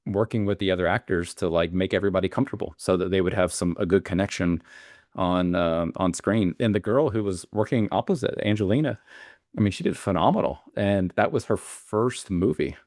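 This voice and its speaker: A man's voice: low voice, brisk, a little mellow, no room sound, clean studio sound. A man, a beekeeper guest telling stories in a rambling way, full of fillers and restarts. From Alabama. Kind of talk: casual interview storytelling.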